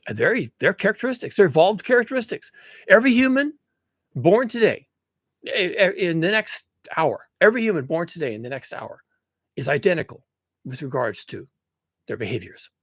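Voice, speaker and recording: Man, casual monologue, emphatic and rambling, fairly high voice. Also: moderate pace, husky, no echo. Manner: animated, emphatic, rambling with restarts. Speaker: commentator on climate and human nature.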